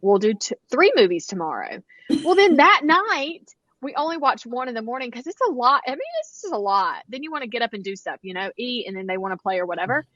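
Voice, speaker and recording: A woman's voice: a little high, quick pace, hardly any pauses, dry recording. Chatty woman, dull dry sound. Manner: animated storytelling with quoted dialogue. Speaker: podcast co-host. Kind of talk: casual chat.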